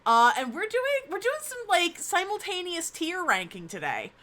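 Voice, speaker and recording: A woman's voice: very high voice, wildly swooping pitch, moderate pace, sharp tone. A young woman chatting casually on her live stream, bubbly and self-mocking.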